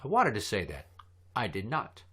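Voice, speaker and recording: A podcast host, a man, telling a long profane story in casual chat, animated and quick to curse. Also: lowish voice, husky.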